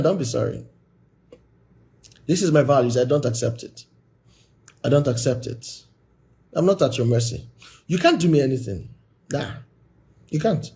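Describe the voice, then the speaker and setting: A man giving a blunt, forceful, exhorting talk on a live stream as a relationship coach. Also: a little high.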